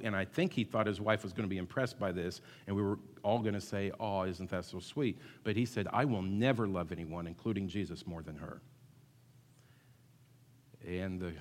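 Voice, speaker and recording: A man preaching a sermon as pastor, emphatic and repetitive, at times rising to call-and-response with the congregation. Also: lowish voice. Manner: emphatic, builds to loud call-and-response, repeats words. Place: church sanctuary. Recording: long hall reverb.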